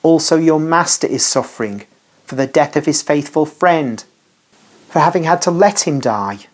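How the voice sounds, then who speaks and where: A reader doing Jesus, a calm consoling master. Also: mid-range voice, moderate pace, pitched above the performer's own voice, lightly acted. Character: gentle, calm male spiritual master.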